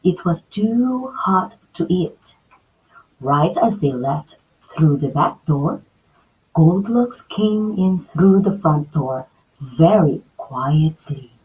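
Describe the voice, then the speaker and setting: Slow, expressive woman reading a children's story. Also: deep voice, poor audio. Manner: slow, expressive read-aloud.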